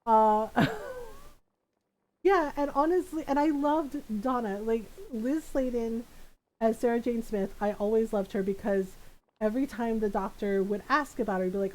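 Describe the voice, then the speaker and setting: Excitable woman streamer, higher voice. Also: moderate pace, low-quality recording. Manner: excitable and animated, laughs often, rambling. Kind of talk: casual chat while gaming on stream.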